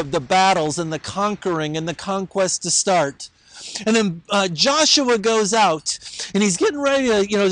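Man, pastor, sermon, storytelling, conversational, high voice, dry close sound. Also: fairly bright tone, no room sound, low-quality recording. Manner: storytelling, conversational, uses fillers.

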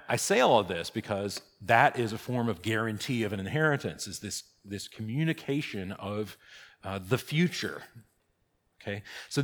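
Middle-aged male pastor, low voice, chatty teaching style, big reverberant church hall. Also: a bit bright. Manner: conversational, frequent "okay?" and "right?" check-ins. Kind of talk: catechesis teaching. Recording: long reverb of a large hall.

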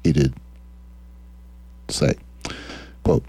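A man's voice: low-pitched, expressive, unhurried, dark tone, slightly rough, no room sound. A man hosting a radio talk show, reading quotes aloud and answering them with sardonic, mocking political commentary. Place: radio studio.

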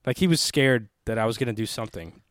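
A man's voice: medium pitch, fast, no echo, studio quality. A man in casual chat, rambling and swearing with lots of filler words. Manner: loose, swears a lot, rambling with many "like"s.

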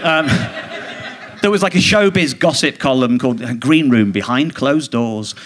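A man's voice: mid-range voice, lively intonation, a little hiss or hum. Indignant male comedian telling a story. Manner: rambling, indignant storytelling with quick mimicked quotes. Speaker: comedian guest. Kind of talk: casual anecdote in a live podcast interview. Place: theatre stage.

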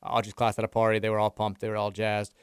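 A man's voice: fairly low pitch, monotone, fast talker, smooth, no echo, studio quality. A man in his thirties hosting a sports radio show, chatting casually and telling self-deprecating stories about his family. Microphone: studio microphone.

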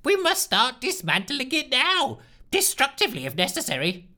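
A man's voice: wildly swooping pitch, moderate pace, bright, forceful tone, heavily acted. A man voicing a fretful male scientist who wails and moans in despair. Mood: wailing, despairing. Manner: high, wailing, exasperated.

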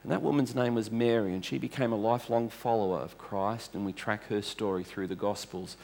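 A man's voice: on the low side, fairly even intonation, fairly quick, creaky, a little mellow. A male pastor preaching a sermon to a congregation in a conversational, storytelling way, restarting phrases as he goes.

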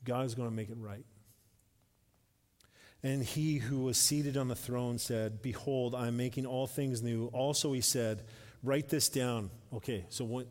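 A male pastor preaching a sermon. He grows emphatic and louder when reading scripture and drops softly for asides. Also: moderate pace. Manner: drops to a soft, low voice for asides. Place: church sanctuary. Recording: reverberant church hall.

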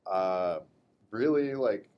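A man co-hosting a podcast, talking casually about an old movie in an animated, rambling way with lots of fillers. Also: on the low side, slow, clean tone, muffled recording. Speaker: podcast co-host. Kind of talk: casual film discussion.

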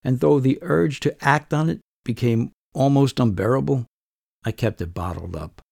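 A man narrating his own story in scripted first person, in a measured, understated and wry way. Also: medium pitch, vocal fry, a little mellow, no room sound, clean studio sound.

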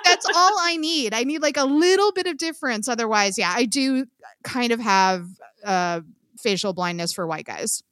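A woman co-hosting a podcast in casual chat, animated, swearing freely and laughing often. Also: on the high side, moderate pace. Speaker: podcast co-host.

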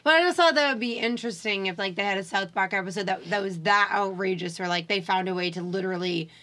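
A woman's voice: medium pitch, fast. A woman co-hosting a podcast, chatting casually and rambling with lots of "like" as she retells stories. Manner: rambling, heavy use of "like", animated retellings. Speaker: podcast co-host. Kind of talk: casual chat.

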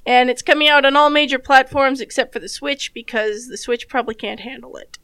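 A woman with a high, bright voice and very crisp clarity chats about games on a podcast. She hesitates often and fills gaps with "uh," with a wry tone. The sound is dry and close. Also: steady tone, fairly quick, no room sound. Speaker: podcast co-host. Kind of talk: casual gaming chat.

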